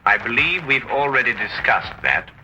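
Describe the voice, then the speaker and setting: An actor playing Sherlock Holmes, a brisk and wry Victorian detective, speaking crisply and formally in 1950s television drama style. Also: male voice, mid-range voice, sing-song, dull audio, noisy background, lightly acted. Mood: cool.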